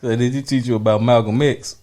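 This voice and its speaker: A man's voice: mid-range voice, steady tone, fairly quick, mellow. A man in his thirties co-hosting a podcast, talking in loose, slangy, laughing banter. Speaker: podcast co-host. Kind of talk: casual chat.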